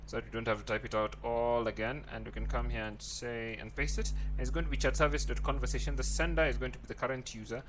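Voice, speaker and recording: Guy walking thru code on screen, mid pitch, bit of faint hiss behind. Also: steady tone, fast, few pauses. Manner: thinks aloud, frequent "right?" checks. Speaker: programming tutor. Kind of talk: screen-recorded coding tutorial.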